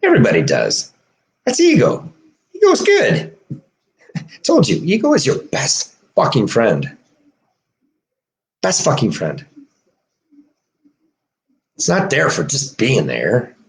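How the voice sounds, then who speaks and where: Rambling, profane man with a lively voice. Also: medium pitch, slow, vocal fry, long pauses. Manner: swings from muttering to shouting; laughs between phrases.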